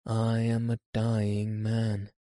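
A man voicing a weary, dying old man in a slow, grave audiobook reading. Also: fairly low pitch, monotone, mellow, no echo. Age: older.

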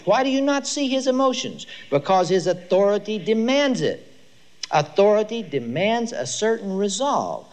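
An older man giving a lecture to a live audience, telling stories with emphasis. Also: high voice. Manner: storytelling, emphatic, lively delivery. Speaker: speaker on child discipline.

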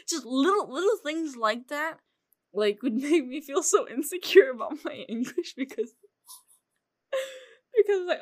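Lively young woman, animated chat. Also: on the high side. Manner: animated, laughing, chatty. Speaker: podcast co-host. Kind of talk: casual chat.

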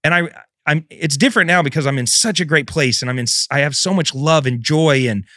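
A middle-aged man, a podcast host, telling an emotional personal story, his voice swinging between loud and hushed. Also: on the high side, fairly quick, no echo, studio quality.

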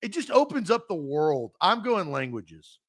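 A man co-hosting a sports podcast in casual chat, animated and joking, laughing often. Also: high-pitched, a little slow.

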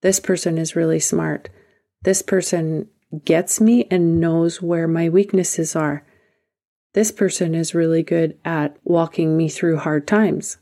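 A woman's voice: deep voice, fairly even intonation, slow pace, mellow. A woman hosting a self-help podcast, speaking earnestly and emphatically, sometimes dropping to a whisper for emphasis. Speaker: podcast host. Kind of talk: motivational self-help talk.

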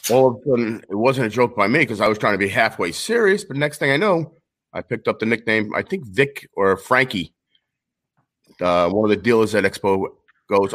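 A man's voice: fairly low pitch, lively intonation, brisk, fairly bright tone. A man with a New York accent, a guest collector telling rambling, joking stories in casual chat over a remote call. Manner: brash, joking, rambling storyteller.

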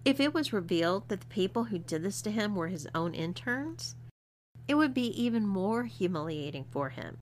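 A woman's voice: mid-range voice, big pitch swings, normal speed, slight background noise. A woman reading an adult story aloud as narrator. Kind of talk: audiobook reading.

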